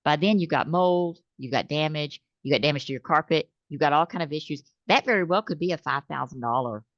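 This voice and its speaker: A woman, a business owner being interviewed, who talks in an animated way and acts out her customers' phone calls. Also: low-pitched, fairly quick, no room sound. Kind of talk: conversational interview. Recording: slightly dull dry recording.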